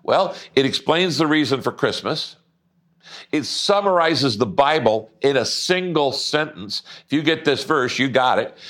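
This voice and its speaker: A middle-aged man preaching a sermon, emphatic, slowing down to stress scripture. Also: mid-range voice, fairly bright tone. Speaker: pastor.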